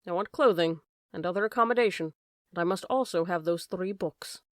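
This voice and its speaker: A woman's voice: fairly low pitch, fairly quick, dry recording, clean studio sound, lightly acted. A woman reading an audiobook, voicing the clipped, commanding demands of an invisible man. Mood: demanding.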